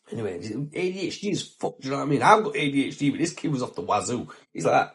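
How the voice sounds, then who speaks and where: Gravelly, sweary man. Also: mid-range voice, very animated, quick pace, hardly any pauses. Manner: heavy swearing, slangy, heartfelt. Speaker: podcast host. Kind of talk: casual storytelling.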